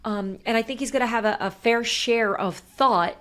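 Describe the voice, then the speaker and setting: A woman's voice: a little high, moderate pace, a bit bright. A woman co-hosting a casual sports podcast, reading listener questions aloud and chatting with asides.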